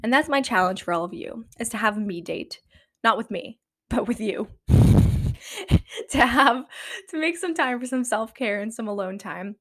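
A woman's voice: a little high, expressive, normal speed, long pauses, fairly bright tone. A young woman in college, talking casually as a podcast host, rambling and chatty and often laughing mid-sentence. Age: young adult. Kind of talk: casual chat.

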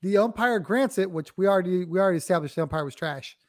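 A man's voice: high-pitched, lively intonation, fast, a little mellow. A man co-hosting a sports podcast, explaining plays in laid-back slang. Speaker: guest co-host. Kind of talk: casual sports chat.

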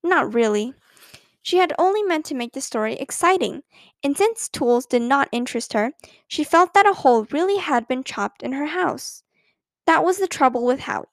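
A woman reads a children's storybook aloud with an expressive, lively delivery. Her voice is high and the sound is close and dry, with no room around it. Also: moderate pace, no room sound. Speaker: narrator.

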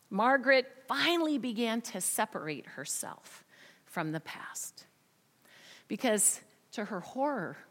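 Slow woman preacher with long reverb. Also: fairly high pitch. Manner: dramatic swings in loudness, often dropping to a whisper. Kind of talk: sermon storytelling.

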